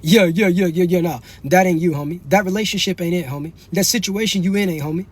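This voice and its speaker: A man's voice: high-pitched, quick pace. A young man hosting a live stream, preaching and bragging in a swaggering, slangy way while he kicks out commenters. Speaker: livestream host. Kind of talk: casual livestream monologue.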